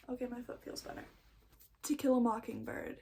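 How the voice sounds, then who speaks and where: A young woman with a slightly raised pitch talks through her book haul in a loose, rambling way. She sounds a little nervous and often trails off or loses her thought before she picks it back up. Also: creaky, noisy background. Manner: rambling, chatty, self-interrupting; nervous first-time vlogger. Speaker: book vlogger. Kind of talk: casual book haul chat.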